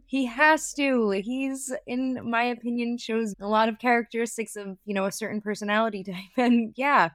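A woman's voice: fairly high pitch, fairly even intonation, moderate pace, hardly any pauses, smooth, dry recording, studio quality. A woman co-hosting a podcast, talking casually about reality TV, often saying "like" and circling back mid-thought. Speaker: podcast co-host. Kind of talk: casual reality-TV recap chat.

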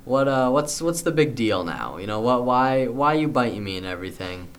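A man voicing a dazed, resigned man lost in the desert, who speaks in a confused, halting way. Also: medium pitch, big pitch swings, smooth, lightly acted. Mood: bewildered.

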